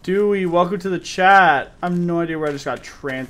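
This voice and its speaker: Brisk and high, with a fairly bright tone, a young man's voice carries casual commentary on a horror game he's streaming. He swears often and keeps up a chat with his viewers.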